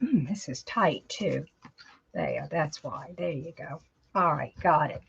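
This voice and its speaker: This woman's voice is deep, slow, creaky and slightly rough, captured with lo-fi sound. She's a chatty craft instructor running a live tutorial, chatting to herself while working and addressing viewers as "y'all."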